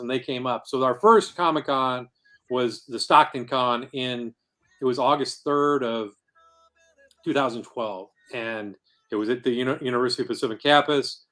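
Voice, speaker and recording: A man's voice: mid-range voice, normal speed, a bit bright. A man talking as a guest on a podcast, telling how he founded a comic convention in an earnest, rambling way. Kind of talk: casual podcast interview.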